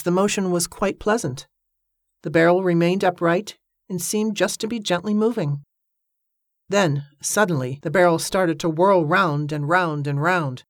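Speaking in a voice on the low side, a woman narrates a scripted audiobook story with measured steadiness. The recording is dry and the studio sound clean.

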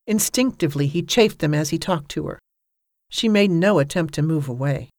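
A narrator reading a novel aloud in a measured, even storytelling manner. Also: medium pitch, no echo, clean studio sound. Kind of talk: audiobook narration.

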